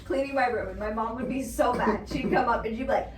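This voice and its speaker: A woman's voice: a little high, fast talker. A young woman hosting a student podcast, chatting casually and giggling often. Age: young adult. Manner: giggly, chatty, says "like" and "bro" a lot. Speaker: podcast host. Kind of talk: casual chat. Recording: roomy sound, mic at a distance, faint noise.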